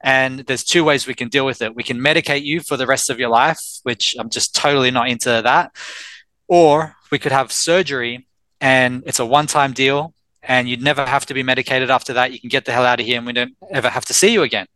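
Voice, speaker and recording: An Australian man in his thirties, a life coach telling his own story in a candid, animated way with quoted dialogue. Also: mid-range voice, brisk, no room sound, poor audio. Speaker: life coach and personal trainer, guest. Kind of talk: casual storytelling in an interview.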